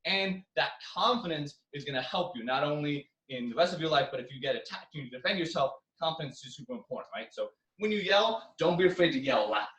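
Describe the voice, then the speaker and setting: A young man teaching a home karate class, coaching drills and counting moves with loud yells. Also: on the high side, lively intonation, quick pace, few pauses. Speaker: karate instructor. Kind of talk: online exercise class. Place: living room. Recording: echoey room, far from mic.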